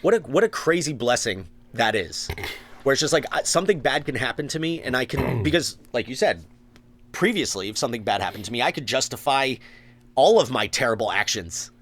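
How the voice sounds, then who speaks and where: A man's voice: medium pitch, big pitch swings, a little fast, fairly bright tone. Earnest man, casual recovery talk. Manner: earnest, swears, acts out his own thoughts. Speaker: podcast co-host.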